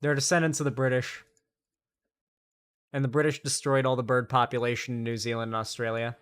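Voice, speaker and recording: A man's voice: medium pitch, level tone, brisk, a bit bright, clear, resonant tone. A young man streaming casual political commentary, rambling and crude, from a cramped home setup.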